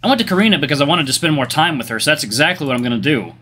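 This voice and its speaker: A man's voice: on the high side, animated, very fast, few pauses, sharp tone, slightly rough, soft background music. A man hosting a gaming channel, reading a story game's narration aloud in a let's play.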